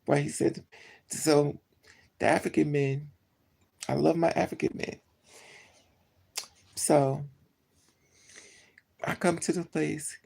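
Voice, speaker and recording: A vlogger telling a story in a casual chat, animated and gossipy, acting out both sides of the conversation. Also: mid-range voice, takes it slowly, vocal fry, long pauses.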